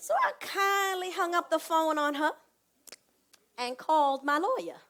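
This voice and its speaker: A woman performing a comic one-woman stage monologue, animated, swinging from hushed asides to loud bursts. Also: very high voice, unhurried.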